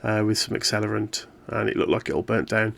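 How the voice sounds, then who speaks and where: A man voicing a composed female field agent who gives a flat, halting report. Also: fairly low pitch, gravelly, exaggerated voice. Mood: flat debrief. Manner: matter-of-fact, halting report.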